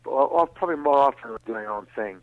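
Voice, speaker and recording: A man's voice: medium pitch, lively intonation, racing, no echo, narrow, tinny audio. A man guesting on a radio interview, telling stories and mimicking other people's voices.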